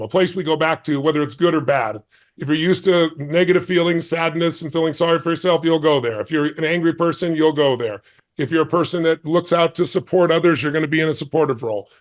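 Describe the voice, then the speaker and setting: Intense storytelling man in his sixties. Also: a little high. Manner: intense, emphatic storyteller who acts out quoted dialogue. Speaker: guest speaker. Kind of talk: storytelling in a podcast interview.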